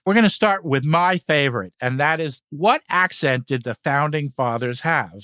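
A man's voice: fairly high pitch, moderate pace, bright, forceful tone, clear, resonant tone, dry recording, studio quality. An American man hosting a podcast, asking a guest questions in a friendly conversational way. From United States. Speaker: podcast host. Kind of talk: interview questions.

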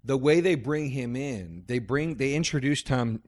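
Male podcast co-host, casual movie talk, mid-pitched voice, dry studio sound, prone to false starts. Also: lively intonation, a little slow, no echo. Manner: rambling, stammering restarts, dry storytelling. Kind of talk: casual movie review chat.

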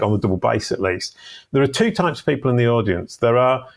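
A man hosting a casual podcast conversation, chatty and full of quick asides as he tells a story. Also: mid-range voice, sing-song.

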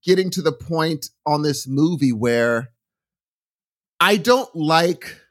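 A middle-aged man on a casual podcast, telling a long story with lots of restarts and asides. His voice sits a bit high for a man, and his tone keeps swinging up and down as he gets worked up. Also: slow pace. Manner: rambling, animated storytelling with restarts. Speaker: podcast co-host. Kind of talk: casual chat.

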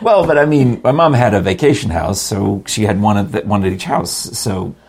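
A man's voice: fairly low pitch, normal speed, a little mellow, slightly rough. An older man co-hosting a show with his wife, chatting casually and rambling with chuckles and restarts. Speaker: podcast co-host. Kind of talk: casual chat.

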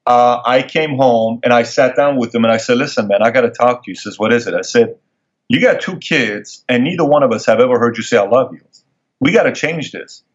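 Animated man telling a personal story. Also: medium pitch, fairly quick. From Middle East. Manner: animated, acts out quoted dialogue in raised voice. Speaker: guest. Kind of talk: storytelling interview. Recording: dull lo-fi sound.

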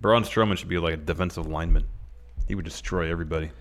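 Deep-voiced laid-back male podcast host. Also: very fast. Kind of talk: casual wrestling podcast chat.

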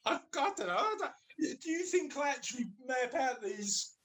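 A man's voice: very high-pitched, expressive, moderate pace, fairly bright tone. Playful, teasing podcast host man. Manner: playful, teasing, laughs often. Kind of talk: casual chat.

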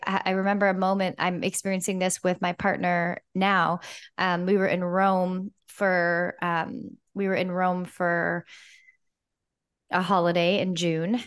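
A woman's voice: on the low side, smooth. A woman co-hosting a podcast about love and relationships, telling a personal story in a candid, emotional way with casual swearing. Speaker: podcast co-host. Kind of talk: casual chat.

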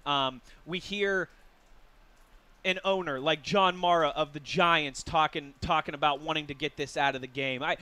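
Bright-voiced male sports radio host. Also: on the high side, normal speed, clean tone. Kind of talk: casual sports radio chat.

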